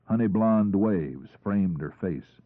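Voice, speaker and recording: A man reading a crime audiobook in the first person, in a measured storytelling delivery. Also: sits low, expressive, no room sound. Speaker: audiobook narrator. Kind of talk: first-person scripted narration. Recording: tinny phone-like, husky, dry.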